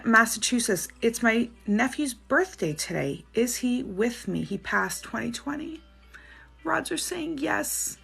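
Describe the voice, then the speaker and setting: Chatty woman with a gravelly edge. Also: a little high, a bit bright. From Canada. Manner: chatty, reassuring, reads names and questions aloud. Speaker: psychic livestream host. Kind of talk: live-stream reading of viewer questions.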